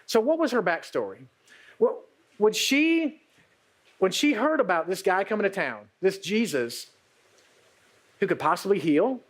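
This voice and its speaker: A male pastor delivering a sermon in a high, very lively voice that climbs and falls through an animated retelling. He speaks straight to the women in the room. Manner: animated storytelling, addresses the women directly.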